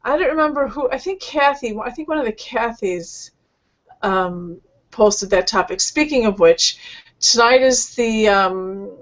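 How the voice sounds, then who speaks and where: A woman hosting an online healing session, speaking gently and rambling, with many fillers and restarts. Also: fairly high pitch, animated, unhurried, lo-fi sound. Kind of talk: casual spiritual talk.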